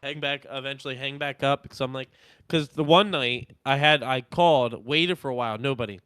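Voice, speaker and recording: Young man with a smooth, clear voice. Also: medium pitch, brisk, no echo. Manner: animated, acts out quotes of himself and others. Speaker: podcast co-host. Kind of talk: casual storytelling chat.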